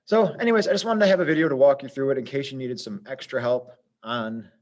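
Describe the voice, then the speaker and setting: A man at middle pitch explains a lesson one step at a time, patient and methodical. He thinks aloud with small pauses while he writes out examples. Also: darkish tone. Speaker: Spanish teacher.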